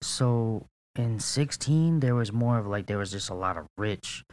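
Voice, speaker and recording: A man's voice: on the low side, measured pace. Laid-back swearing podcast guy. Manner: laid-back, swears a lot, laughs often. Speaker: podcast co-host. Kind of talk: casual podcast chat. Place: apartment in St. Petersburg, Florida.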